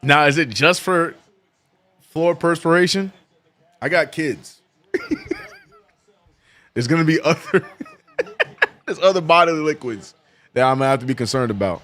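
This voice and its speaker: Bright-voiced man calling a game live. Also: a little high, animated. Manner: laid-back banter, reads chat aloud, gets loud and drawn-out calling plays. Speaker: streamer hosting a live game watch-along. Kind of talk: casual chat and play-by-play commentary.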